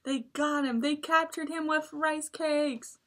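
Woman librarian, story-time reading, slow pace, expressive, chatty asides to kids, slightly high voice. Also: slight background noise. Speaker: children's librarian. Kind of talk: reading a picture book aloud at story time.

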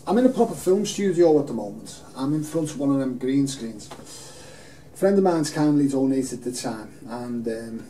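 An earnest campaigner rambles through an unscripted personal appeal for a video, filmed before a green screen in a film studio. His voice is dark and gravelly at a medium pitch. The mic sits at a distance in the roomy space, picking up faint hiss.

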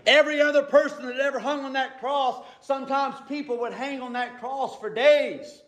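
A man preaching a sermon as pastor, swinging between loud and hushed and calling out for amens. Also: very high voice, fairly even intonation, moderate pace, roomy sound, low-quality recording. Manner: calls out for "Amen?" from the congregation.

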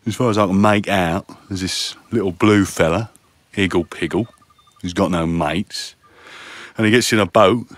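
Guy doing a low gruff bloke, blunt and slangy, dead dry sound. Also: normal speed, no room sound, natural voice.

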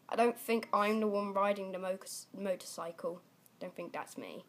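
A young woman giving casual, excitable gameplay commentary, shrieking and laughing at on-screen mishaps. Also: medium pitch, moderate pace. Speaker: gaming channel host.

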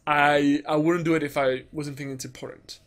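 A man rants through a commentary vlog, swearing freely and mimicking the people he criticizes. His speaking voice sits high for a man. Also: flat delivery, fairly quick. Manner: ranting, profane, mocks others in put-on voices. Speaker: gaming commentator.

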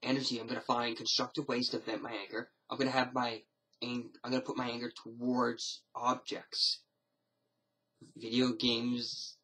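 A man's voice: mid-range voice, completely flat delivery, moderate pace, bright, forceful tone, husky, low-quality recording. A man talking casually to his camera in a rambling, hesitant way, often restarting his sentences. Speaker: vlogger. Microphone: camera mic.

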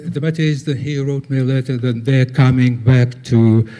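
An older man gives a conference talk over slides, halting, with many pauses and fillers. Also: mid-range voice, flat delivery, warm tone. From former Soviet Union. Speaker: guest speaker.

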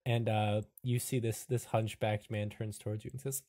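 A man's voice: on the low side, flat delivery, normal speed, mellow. A man narrating a tabletop game as game master, laid-back and full of fillers.

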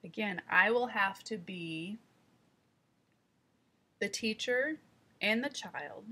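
A woman reading teacher giving calm, step-by-step instructional narration. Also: medium pitch, takes it slowly, husky. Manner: calm, explanatory, guiding the listener step by step.

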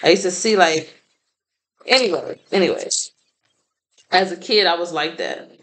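A woman's voice: fairly low pitch, unhurried, fairly bright tone, low-quality recording. A woman doing a casual tarot reading, blunt and profane, laughing often. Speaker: tarot reader.

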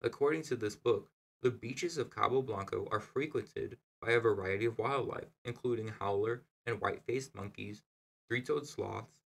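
An eager, cheeky little girl of eight from a storybook, bright and chattering, as a man reading aloud puts her on. The voice is fairly low and gravelly, only slightly lifted for the child, and her lines come out a bit louder and livelier than the narration around them. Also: normal speed.

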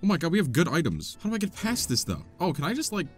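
A man's voice: on the high side, huge pitch swings, fast, soft background music. A young man joking his way through a video game as the host of a let's play, chatting to his in-game companion. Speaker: gaming channel host.

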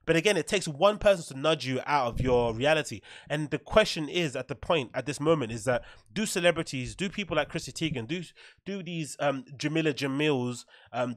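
Brief: male podcast host, brisk and blunt, opinionated monologue, dry close sound. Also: fairly high pitch, dry recording. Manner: blunt, opinionated, peppered with "right?" and swearing. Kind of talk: casual commentary monologue.

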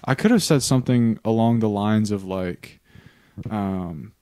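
A man's voice: fairly low pitch, unhurried, mellow, clean tone, no echo. A young man, a pastor hosting a faith podcast, talking in an earnest, reflective way and restarting often. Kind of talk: casual faith discussion.

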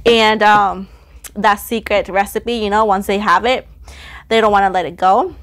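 A woman doing a casual tarot reading to camera, chatty, playful and teasing, getting excited as she goes. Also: medium pitch, normal speed. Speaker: tarot reader.

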